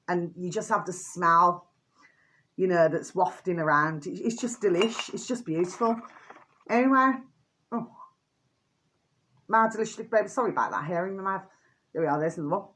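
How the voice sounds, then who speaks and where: A woman's voice: mid-range voice, fairly bright tone, slight background noise. Chatty older woman, doting and rambling. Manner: chatty and doting, with many fillers and repeated pet names. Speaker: vlogger. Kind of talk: casual show-and-tell vlog.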